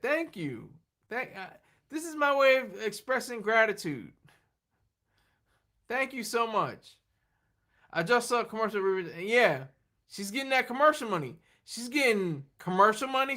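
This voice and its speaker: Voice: medium pitch, pushed and bright. A livestream host chatting casually and rambling, laughing often and answering comments from the chat while running on fumes.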